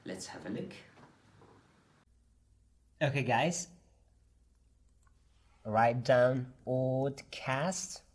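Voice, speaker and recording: A man's voice: mid-range voice, extremely slow, pauses often. A man who teaches English, explaining a website in a hesitant way with many fillers. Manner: hesitant, many ums and uhs. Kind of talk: screen-share tutorial.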